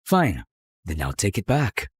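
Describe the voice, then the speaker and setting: An actor playing a blunt, sarcastic young man in an animated story, teasing dryly and turning quietly reflective when he speaks of his past. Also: fairly low pitch, measured pace, noisy background.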